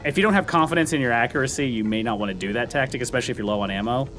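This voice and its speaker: A man's voice: medium pitch, racing, a bit bright, faint music behind. Chatty rambling man playing a game. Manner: chatty, rambling, laughs often, many fillers. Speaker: let's play commentator. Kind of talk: casual gameplay commentary.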